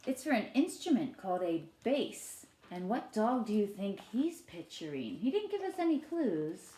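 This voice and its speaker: A woman teacher reading a picture book aloud to children, asking gentle questions and putting on playful voices for the characters. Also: mid-range voice, big pitch swings, normal speed, echoey room. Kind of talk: children's read-aloud lesson.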